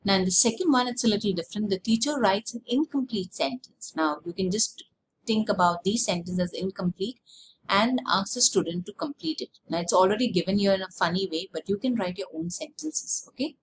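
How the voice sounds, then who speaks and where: A woman teacher explaining a lesson slowly, repeating words and checking with "okay?". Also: medium pitch, expressive, slight background noise, low-quality recording. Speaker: English teacher.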